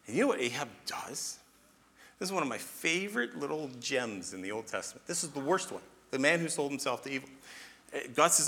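A man teaching the Bible in an animated sermon, asking rhetorical questions and often checking in with "okay?". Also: medium pitch, quick pace.

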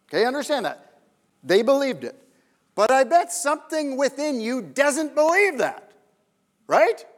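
A man preaching a sermon, pressing his listeners with questions and dropping to hushed tones for emphasis. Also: very high-pitched. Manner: emphatic, questioning the audience, drops to near-whispers. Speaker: pastor. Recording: long reverb of a large hall.

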